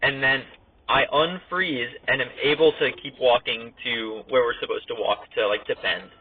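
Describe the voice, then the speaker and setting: A man's voice: medium pitch, moderate pace. Young guy rambling a story while he drives, says like a lot, tinny phone sound. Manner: rambling, heavy use of "like", laughs while telling. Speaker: podcast host. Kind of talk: casual storytelling chat. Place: in a car while driving. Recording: tinny phone-like audio with faint noise.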